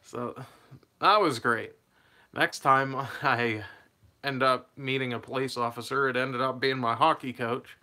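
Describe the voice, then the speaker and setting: A man's voice: mid-range voice, fairly even intonation, measured pace, bright, forceful tone. A young man telling a personal story in a casual, rambling way, laughing mid-sentence and losing his train of thought.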